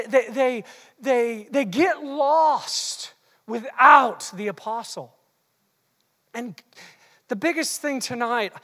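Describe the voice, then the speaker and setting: A preacher delivering an animated, teasing sermon that swings between quiet asides and shouted bursts, recorded in a large hall. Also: high voice. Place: large hall with long reverb. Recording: long hall reverb.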